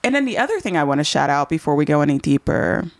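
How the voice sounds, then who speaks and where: A woman hosting a podcast interview in casual chat, animated and repeating words for emphasis. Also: deep voice, fast, no echo. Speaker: podcast host.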